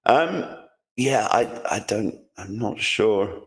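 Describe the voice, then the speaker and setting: A man talks casually on a podcast, making sardonic asides as he reads posts aloud. His voice sits very low. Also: lively intonation, takes it slowly. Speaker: podcast co-host.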